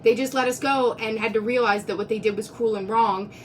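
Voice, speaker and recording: A woman's voice: a little high, fairly even intonation, fairly quick, distant mic, slight background noise. A woman talking earnestly on a live stream, close to tears, rambling and restarting her sentences. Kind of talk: emotional live-stream monologue. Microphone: phone.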